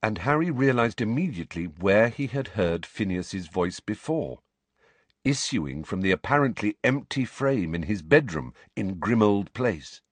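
A man narrating a story in a measured, expressive way. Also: fairly low pitch, no echo. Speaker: audiobook narrator. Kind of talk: scripted narration.

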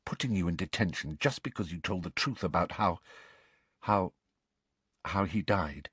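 A man voicing an earnest, soft-spoken teenage schoolgirl in an audiobook. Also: low-pitched, moderate pace, breathy edge, no room sound, exaggerated voice. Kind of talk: audiobook character voice.

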